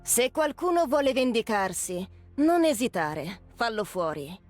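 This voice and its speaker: A woman's voice: a little high, very animated, moderate pace, soft background music. An actress playing a power-hungry female mercenary in game voice lines, playful and menacing. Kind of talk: Italian game voice line.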